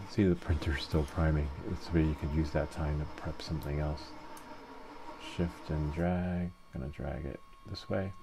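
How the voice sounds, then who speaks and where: A man's voice: low voice, background noise. A man hosting a casual 3D printing tutorial, thinking aloud step by step as he works. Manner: relaxed, thinks aloud step by step while working. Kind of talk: casual screen-share tutorial narration.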